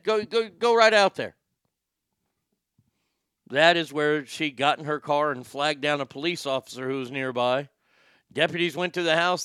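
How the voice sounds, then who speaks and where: Bright, crisp-voiced man ranting. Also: a little high, dry recording, studio quality. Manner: crude, sarcastic storytelling. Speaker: host. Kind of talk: casual comedic news commentary.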